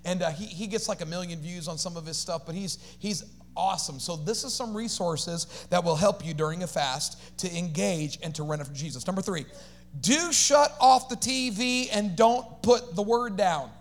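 A man with a high voice preaches an energetic sermon as the pastor. He calls on the congregation to answer and repeat after him, and breaks into casual, slangy asides. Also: moderate pace. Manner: animated preaching with call-and-response to the congregation.

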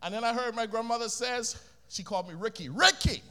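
High-voiced Bahamian preacher. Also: male voice, quick pace, clean tone. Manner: energetic, calls for congregation responses. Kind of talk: sermon.

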